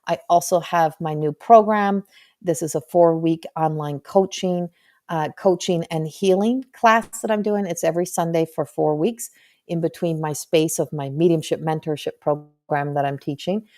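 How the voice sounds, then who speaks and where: A woman with a somewhat low voice hosts a casual live-streamed spiritual talk. She speaks as a medium in an earnest, chatty way. She stays frank and drops playful swearing. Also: normal speed, darkish tone.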